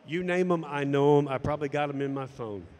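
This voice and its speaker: A man tells a personal story, acting out each exchange with lively energy. His voice sits a bit high for a man. The sound carries a long reverb tail. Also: a little fast. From United States. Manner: animated storytelling, acting out dialogue. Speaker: golf instructor and former tour pro. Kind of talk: personal story told to camera.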